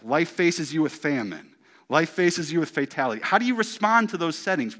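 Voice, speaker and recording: A middle-aged male pastor preaching a sermon, animated and emphatic. He repeats key phrases and swings from loud to hushed. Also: medium pitch.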